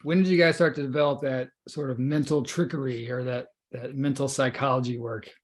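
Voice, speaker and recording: Male interviewer, mid-pitched, curious, conversational questions. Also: fairly even intonation, fairly quick. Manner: curious, prompting with names and details.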